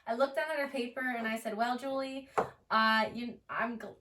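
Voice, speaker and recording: A woman's voice: on the high side, moderate pace. A woman in her twenties, a teacher and podcast guest, telling classroom stories in casual chat and acting out her students' lines. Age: 20s. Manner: animated storyteller, acts out students' voices. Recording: roomy, a bit far from the mic, faint noise.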